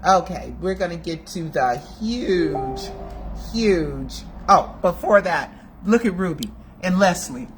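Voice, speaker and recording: A woman's voice: fairly low pitch, lively intonation, slow, soft background music. A woman in her sixties hosting a casual video chat from her home, talking in a digressive, emotional way. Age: 60s. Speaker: video host. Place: home room.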